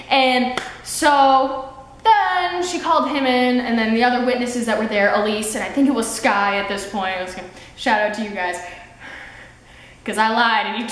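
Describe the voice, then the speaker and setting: A woman's voice: high voice, a bit bright. A teenage girl vlogging, chatty and rambling as she tells childhood stories and acts out quotes. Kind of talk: casual storytelling vlog. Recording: very echoey room with faint background noise. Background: sewing machine noise.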